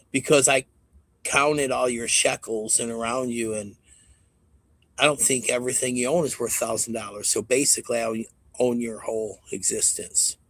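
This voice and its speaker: A man's voice: mid-range voice, fairly bright tone, no echo. A man hosting a live stream in a casual, profane and mocking way, rambling to his audience. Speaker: stream host.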